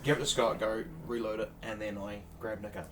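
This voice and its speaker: A man playing a tabletop game, blunt and quick to jump in. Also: on the low side, flat delivery, over music, low-quality recording. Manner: blunt, jumps in, laughs often. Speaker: player. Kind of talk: casual tabletop play.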